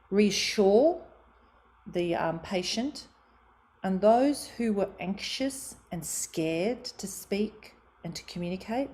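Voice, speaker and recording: A middle-aged Australian woman with a lowish, mellow voice gives a motivational talk on communication. She acts out quoted voices expressively.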